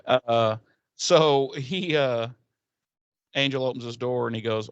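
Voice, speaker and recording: A man's voice: medium pitch, takes it slowly, clear, resonant tone, no echo, muffled recording. A man co-hosting a podcast, loosely retelling a TV episode with lots of fillers and casual swearing. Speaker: podcast co-host. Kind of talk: casual episode recap chat.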